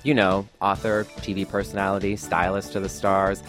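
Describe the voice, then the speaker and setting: A man's voice: low-pitched, completely flat delivery, moderate pace, fairly bright tone. A man reading an upbeat ad for his podcast in a playful, teasing way, with faint music behind him. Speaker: podcast host in an ad. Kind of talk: upbeat ad read.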